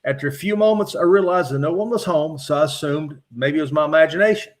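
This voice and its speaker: A middle-aged man from Virginia, a podcast guest calmly recounting his own encounters from his notes with frequent "uh" fillers. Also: on the high side. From West Virginia. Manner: measured, matter-of-fact retelling with frequent "uh" fillers. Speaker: podcast guest, former state trooper.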